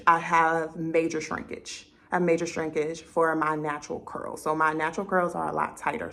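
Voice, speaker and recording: A young woman tells a story in a casual vlog, animatedly acting out her own conversations. She has a low voice with vocal fry.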